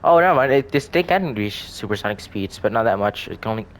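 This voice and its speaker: Fast and expressive, a man with a lowish voice shows off his game builds in casual gameplay commentary. This gaming video creator rambles and hesitates, frequently restarting and correcting himself.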